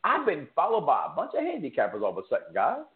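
A man hosting a sports betting show, joking and bantering, swinging from loud hype to low asides. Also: wildly swooping pitch, fast talker. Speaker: sports picks show host. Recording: echoey room over a tinny phone-like line.

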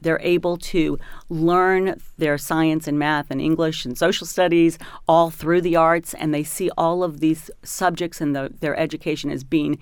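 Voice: mid-range voice, steady tone, unhurried, few pauses, clean tone, no room sound. A guest explaining arts-based schooling fluently in an interview. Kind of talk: interview answers.

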